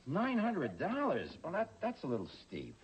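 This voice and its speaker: A man's voice: a little high, wildly swooping pitch, moderate pace, a little hiss or hum. An actor playing a flustered middle-aged man who stammers and jokes his way through awkward moments, in a sitcom. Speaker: lead character. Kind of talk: sitcom acting. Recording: sitcom audio with studio audience laughing.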